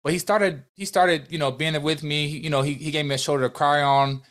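A man's voice: on the high side, steady tone, fast talker, a bit bright. A young adult man, a podcast guest and business owner, telling a heartfelt story in an earnest, emotional way, full of restarts and quoted dialogue.

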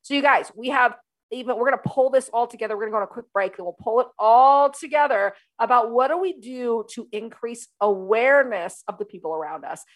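Female talk-show host, fairly high voice, emphatic and energetic, coaching tone. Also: fairly quick. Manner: energetic, emphatic, repeats key phrases. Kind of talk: solo talk show monologue.

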